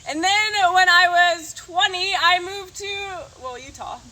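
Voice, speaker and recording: Woman from New York, high bright voice, playful devotional speaker in an open-air setting. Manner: quick, joking, teasing. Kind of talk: casual talk to an outdoor group. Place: outdoors in a grove.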